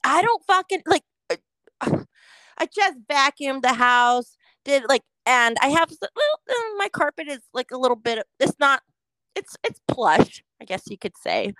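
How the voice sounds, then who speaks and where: A woman from California co-hosts a casual podcast, swearing heavily through a rant and playing out her reactions as quotes. Her high voice is very animated, bright and forceful at a measured pace, with no echo.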